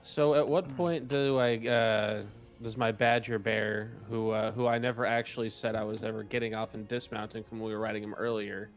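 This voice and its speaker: A man's voice: lowish voice, fairly even intonation, normal speed, few pauses, faint music behind. A man playing a tabletop game, wordy and hesitant as he asks about the rules. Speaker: player.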